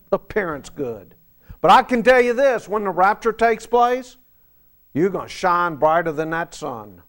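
A man preaching a sermon, asking the congregation rhetorical questions and dropping from emphatic lines to soft asides. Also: high voice. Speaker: pastor.

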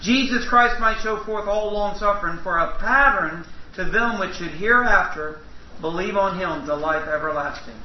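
High-voiced man teaching a Bible study. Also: normal speed, slight background noise. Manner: folksy, emphatic, joking with the group. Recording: echoey room, distant mic, dull lo-fi.

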